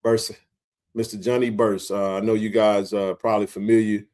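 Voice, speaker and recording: A man's voice: fairly low pitch, moderate pace. A man, hosting a casual sports live stream and joking with his chat. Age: 40s. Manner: joking, animated, talks to chat readers. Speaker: sports talk stream host.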